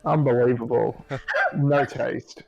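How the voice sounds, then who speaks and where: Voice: medium pitch, fairly even intonation, slow, vocal fry, dull audio, music in the background. A tabletop game player joking with mock indignation in casual banter.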